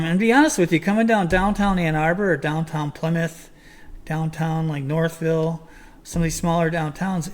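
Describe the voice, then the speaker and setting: Rambling older host, slightly high voice. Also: male voice. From Michigan. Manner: rambling, chatty, many ums and restarts. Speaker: podcast host. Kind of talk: casual chat.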